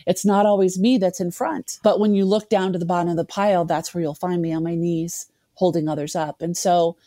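A woman's voice: fairly low pitch, fairly even intonation, fairly quick, dark tone, no room sound. A woman in her fifties, a guest telling a candid, self-deprecating personal story and laughing at herself.

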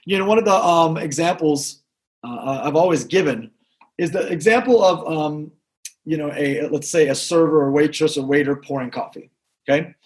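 High-voiced man giving a pep talk. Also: normal speed. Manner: energetic, repetitive, talks to the crowd. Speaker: sales trainer. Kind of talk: motivational talk.

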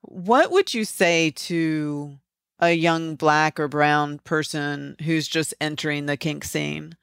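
A casual interviewer asks questions quickly with a playful edge. The voice is gravelly yet smooth and resonant. It is recorded dry and close. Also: medium pitch, fairly bright tone, no room sound.

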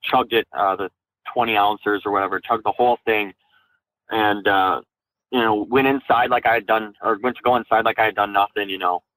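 A young man with a fairly low voice recounts his own story in an interview. He speaks candidly and haltingly, with frequent fillers and restarts as he gathers his thoughts. He is a veteran from Minnesota. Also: fairly even intonation, fairly bright tone, no echo, low-quality recording. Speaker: guest, Army National Guard veteran.

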